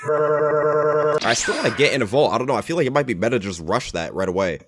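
A man's voice: mid-range voice, expressive, a little fast, over music. A young man casually commentating his own gameplay, teasing other players and laughing often. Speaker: gameplay streamer.

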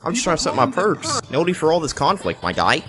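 A young man giving joking, excitable commentary over his own gameplay, often laughing. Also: fairly high pitch, fast talker, crowd noise. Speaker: gaming video creator.

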